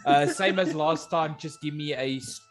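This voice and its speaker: A man narrating as game master, unhurried, often pausing on "uh" as he sets scenes and calls for rolls. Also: a little high, music in the background. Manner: unhurried, with frequent "uh" pauses.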